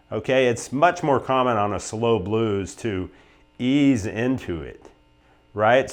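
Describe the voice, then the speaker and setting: An American man teaching blues guitar, talking in an emphatic, animated way and often checking in with "right?" and "okay?". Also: mid-range voice, clean tone. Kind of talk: instructional talk to camera.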